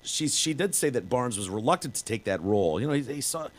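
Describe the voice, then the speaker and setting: A man's voice: mid-range voice, expressive, a little fast. A man co-hosting a casual comedy podcast, telling stories in a jokey way and now and then slipping into silly put-on accents. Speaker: podcast co-host.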